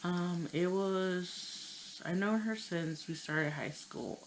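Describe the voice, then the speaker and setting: A woman in her thirties telling a personal story on her channel, tearful and halting, with many pauses and fillers. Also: fairly low pitch, slight background noise, rough recording. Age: 30s. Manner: hesitant, halting, full of "you know". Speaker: vlogger.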